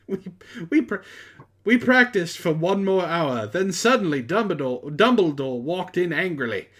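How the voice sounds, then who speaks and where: A man's voice: high-pitched, lively intonation, a little slow, fairly bright tone. A man reading a story aloud for laughs, with sarcastic asides between lines. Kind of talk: mocking comedic dramatic reading.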